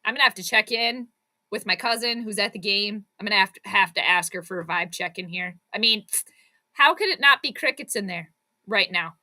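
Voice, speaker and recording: A woman hosting a live watch-along sports commentary, chatting with viewers and breaking into excited, frustrated outbursts. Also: mid-range voice, a little fast. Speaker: fan channel host.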